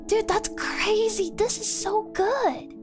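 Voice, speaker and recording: A young woman streaming a live music review, talking in an excitable, exclamatory, casual way. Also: very high-pitched, takes it slowly.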